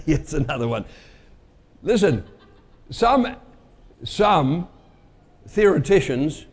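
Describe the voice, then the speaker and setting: A man's voice: on the high side, a little mellow, long reverb tail. A male preacher giving a conversational sermon and quizzing his congregation with everyday sayings.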